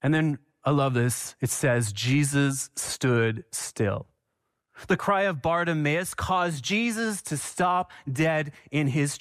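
A man's voice: high voice, a bit bright, dry recording, clean studio sound. A man preaching a sermon with passion, repeating phrases for emphasis and asking the congregation questions. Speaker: pastor.

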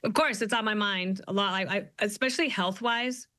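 A middle-aged woman, a guest author, talking in an animated, storytelling way. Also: medium pitch, no echo. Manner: animated storyteller, quick asides. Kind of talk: conversational interview.

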